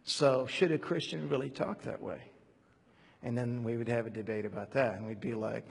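Husky-voiced man preaching in a reverberant hall. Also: medium pitch, moderate pace. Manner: animated, digressive, with many fillers and restarts. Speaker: preacher teaching a Bible study. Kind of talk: conversational sermon.

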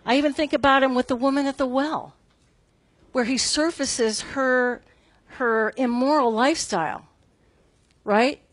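Middle-aged lady giving a casual bible talk, kinda high voice, dry close mic, chatty and self-deprecating. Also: measured pace, long pauses, dry recording. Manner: conversational and self-deprecating, with many "right?" asides.

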